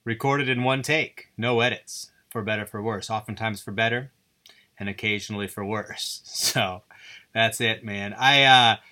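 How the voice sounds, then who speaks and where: A man's voice: on the low side, fairly even intonation, unhurried, bright, forceful tone. A man hosting his own podcast, rambling through a goofy, self-deprecating solo monologue. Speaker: podcast host.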